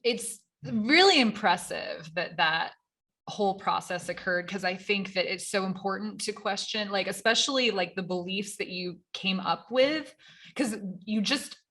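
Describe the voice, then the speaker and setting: A woman's voice: mid-range voice, unhurried, pushed and bright. A young woman hosting a podcast, responding to her guest in an affirming, thoughtful way. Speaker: podcast host. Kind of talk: conversational interview.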